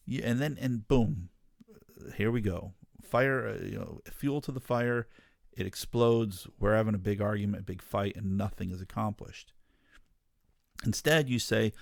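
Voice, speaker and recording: Low gravelly guy preaching hard to his listeners, dead dry room. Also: normal speed, dry recording. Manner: earnest, emphatic, addresses listeners as folks. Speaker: ministry podcast host. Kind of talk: impassioned monologue.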